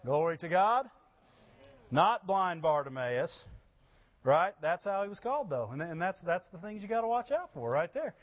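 Animated preaching man, lo-fi. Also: sits high, moderate pace. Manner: animated, rising to loud emphasis and laughing asides. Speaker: pastor. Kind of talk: sermon.

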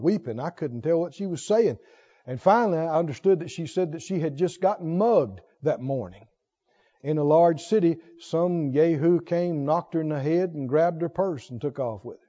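Preacher, male, high voice, storytelling sermon delivery with hushed and emphatic turns, dull lo-fi recording. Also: big-room sound. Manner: storytelling, swings between soft low asides and loud emphatic lines.

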